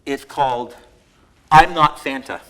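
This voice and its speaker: Slow, emphatic man reading poems. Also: mid-range voice, pushed and bright, low-quality recording. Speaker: poet receiving an award. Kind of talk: live poetry reading with spoken asides. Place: museum event space before a live audience.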